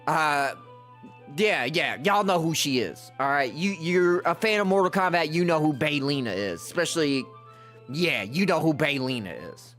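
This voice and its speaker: A man's voice: a little high, lively intonation, moderate pace, fairly bright tone, faint music behind. A male streamer doing live gameplay commentary in exasperated, profane, mocking rants, rambling through stories with restarts.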